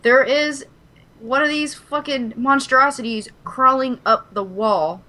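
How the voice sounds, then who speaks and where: A woman from Kentucky, co-hosting a podcast, telling a story in casual chat, animated and dramatic, swearing freely. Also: high voice, slow. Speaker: podcast co-host.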